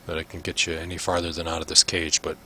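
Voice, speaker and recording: A man's voice: sits low, completely flat delivery, quick pace, sharp tone, slight background noise, voice pushed down. A man doing a callous drow jailer. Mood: gruff. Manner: curt, dismissive.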